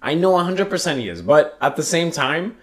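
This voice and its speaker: A man's voice: a little high, a little fast. A young man from Toronto, swearing freely and laughing often as he tells a story in casual chat. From Toronto, Canada. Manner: profane, animated storyteller who laughs often.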